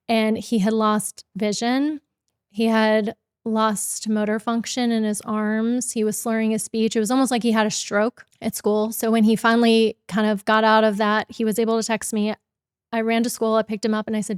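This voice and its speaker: Middle-aged woman guest, earnest and measured, smooth but flat delivery, dry close mic. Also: fairly high pitch, dry recording. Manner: measured, earnest, slow recounting. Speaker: guest, company founder. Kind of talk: interview storytelling.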